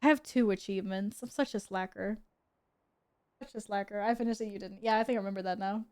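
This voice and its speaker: A woman's voice: mid-range voice, fairly even intonation, fast, a little mellow, clear, resonant tone. A young woman chatting casually with her viewers while gaming at home, giggling and talking to her cat. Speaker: streamer. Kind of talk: casual gaming stream chat.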